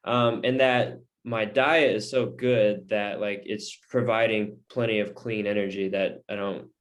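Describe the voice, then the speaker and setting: Low-voiced young man rambling casually. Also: fairly even intonation, measured pace. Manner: rambling, restarts often, talks about his diet. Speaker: podcast co-host. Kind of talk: casual chat.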